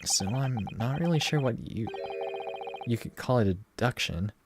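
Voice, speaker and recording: A man's voice: medium pitch, lively intonation, a little slow, background noise, natural voice. A man voicing a flustered, exasperated young male defendant who keeps protesting his innocence. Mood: wary. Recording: game music underneath.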